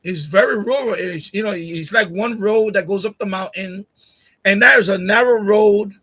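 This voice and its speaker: Speaking at a moderate pace, this middle-aged live-stream host has a high-pitched, pushed, bright voice. He starts off casual, then turns heated and repetitive as he takes on someone in the chat. Of Puerto Rican family and partly raised in Puerto Rico, he records through a boom-arm USB condenser microphone.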